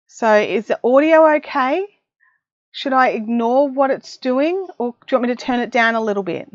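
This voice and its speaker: A middle-aged Australian woman runs a casual craft livestream from her home craft room, chatting with viewers and poking fun at herself. Her voice is a little high and expressive, at a moderate pace with no echo. She uses a desk mic and listens on headphones, and the audio is dry, dull and lo-fi.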